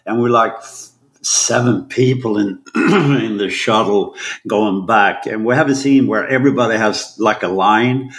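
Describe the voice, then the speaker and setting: A man from Sweden, an actor and guest, telling animated on-set anecdotes and acting out voices. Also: fairly low pitch, a little slow, roomy sound. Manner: animated, acts out voices, swears casually.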